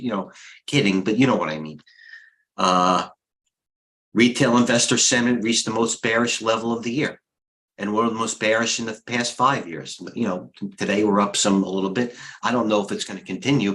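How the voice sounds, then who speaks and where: A middle-aged man who works as a head trader and coach offers rambling, off-the-cuff live market commentary, full of blunt opinions and fillers. His voice sits on the low side and is a bit bright, and the audio is poor.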